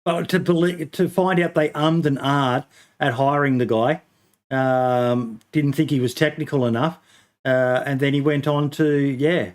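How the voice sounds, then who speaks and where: Brief: male podcast host, mid pitch, chatty and rambling, a loose hesitant delivery. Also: steady tone, unhurried. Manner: rambling, many ums and restarts, swears casually. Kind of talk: casual podcast chat.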